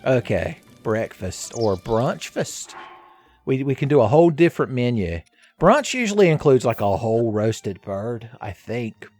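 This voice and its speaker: Animated, jokey man playing a game. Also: medium pitch, a little slow, soft background music. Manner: jokey, rambling, crude humor. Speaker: let's play host. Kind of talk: casual game commentary.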